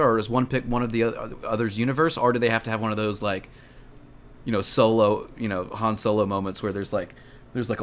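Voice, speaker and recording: A man's voice: lowish voice, slight background noise. A man co-hosting a podcast in casual chat, thoughtful and teasing, asking lots of questions. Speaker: podcast co-host.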